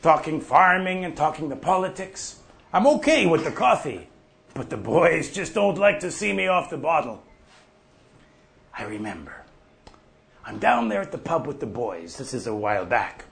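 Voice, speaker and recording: A man playing a gravelly old farmer. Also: a little high, very animated, moderate pace, a bit bright, exaggerated voice. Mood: rambling. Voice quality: gravelly, folksy and profane. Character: older male prairie farmer off the drink, gruff storyteller. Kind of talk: monologue.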